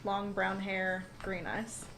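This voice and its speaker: A woman's voice: mid-range voice, level tone, slow pace, vocal fry, fairly bright tone, a little hiss or hum. A woman playing a tabletop role-playing game, direct and matter-of-fact. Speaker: player.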